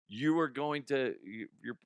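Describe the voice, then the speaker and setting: A man's voice: mid-range voice, measured pace, clear, resonant tone, no room sound. A young adult man hosting a comedy news podcast, ranting casually with swearing, laughter and mocking put-on voices.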